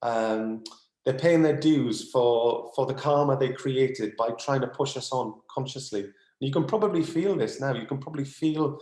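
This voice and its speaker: A man channelling in a spiritual session. He talks earnestly and excitably, repeats phrases, sighs often, and sounds overwhelmed as he calms himself down. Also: mid-range voice, moderate pace, echoey room. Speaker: psychic channeller.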